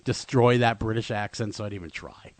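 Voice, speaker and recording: A man's voice: fairly low pitch, fairly quick, no echo. A man co-hosting a radio show in casual banter, telling stories playfully and often laughing. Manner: animated, laughing, playful storytelling. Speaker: radio co-host.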